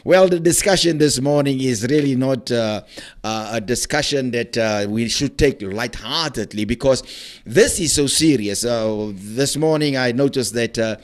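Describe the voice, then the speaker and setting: A man hosts an interview podcast in a middle-pitched voice. He talks haltingly and fills his pauses with "uh". His pitch sits neither high nor low. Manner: hesitant, many filler sounds. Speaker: podcast host.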